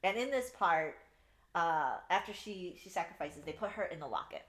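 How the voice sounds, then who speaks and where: A young woman with a fairly low voice co-hosts a casual book podcast, recapping scenes with lots of energy, loose swearing and bursts of laughter. The room around her sounds echoey. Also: moderate pace. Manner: animated retelling, frequent swearing, laughs at favorite parts. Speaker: podcast co-host. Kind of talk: casual book review chat.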